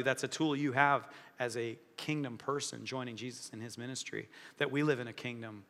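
A male pastor preaching a sermon, telling a personal story in a lively, fast-talking way with self-deprecating humor. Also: mid-range voice, creaky. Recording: long reverb of a large hall.

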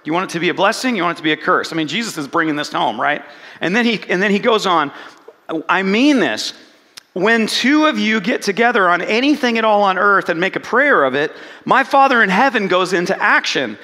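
A man preaching a sermon, telling the story with animated retellings and asking the congregation questions. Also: sits high, a little fast, big-room sound. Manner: animated storytelling, acts out quoted lines, asks the congregation questions. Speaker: pastor.

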